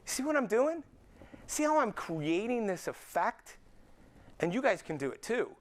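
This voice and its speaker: A man's voice: sits high, measured pace. A middle-aged man, a chiropractor giving an anecdote-filled talk to peers at an event, acting out dialogue as he goes. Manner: animated storyteller acting out dialogue.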